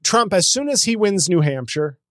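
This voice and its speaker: A man riffs on his podcast in loose comedic chat, profane and animated, jumping between opinions and silly voices. His voice sits fairly high, with a dry, close sound and no room around it. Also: normal speed, dry recording. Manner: animated, profane, jokes with bursts of mock voices.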